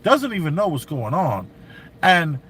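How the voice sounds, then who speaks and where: A man telling a story in casual commentary, animated and slangy, acting out what others said. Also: a little high, measured pace, a little hiss or hum. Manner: animated, acts out quotes, slang.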